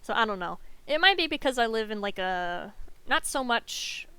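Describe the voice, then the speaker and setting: A woman's voice: a little high, big pitch swings, normal speed, bright, forceful tone, clean tone, no echo. A young woman from the Southern US with a light Southern accent, chatting casually and giggling often while streaming a game. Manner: chatty and giggly, rambling with many fillers.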